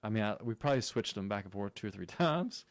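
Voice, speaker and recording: A man with a low, smooth, resonant voice talks as a guest on a radio show, telling anecdotes in a relaxed way. The sound is dry and close-miked. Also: fast talker, dry recording. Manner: anecdotal, relaxed, uses "you know" often. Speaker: real estate agent guest. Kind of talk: casual radio chat.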